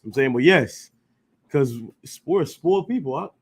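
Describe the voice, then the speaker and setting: With a slightly hissy or humming background, a man with a rather high voice and lively intonation speaks at a measured pace. He teaches an informal scripture class in an emphatic, slangy manner, firing off rhetorical questions and repeatedly asking "you know what I'm saying" to check on his listeners.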